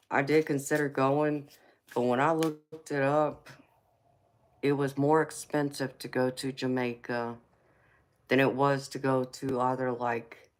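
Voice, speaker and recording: Flat-toned Southern woman chatting with viewers. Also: very deep voice. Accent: Southern US, Georgia. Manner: affectionate, calls viewers sweetheart and baby. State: fighting a cold. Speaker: tarot livestream host. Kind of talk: casual live chat reading comments.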